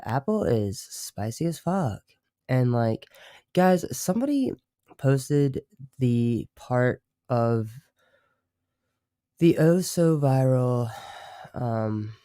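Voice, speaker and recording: A man chatting casually on a livestream, halting and rambling, swearing freely and trying out fake British and other accents. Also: medium pitch, warm tone, dry recording, clean studio sound. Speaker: streamer.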